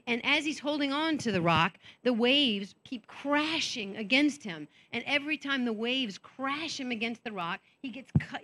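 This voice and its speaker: A woman speaking at a women's conference. She tells candid, self-mocking stories and acts out the voices of the people she quotes. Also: fairly high pitch. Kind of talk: conference talk.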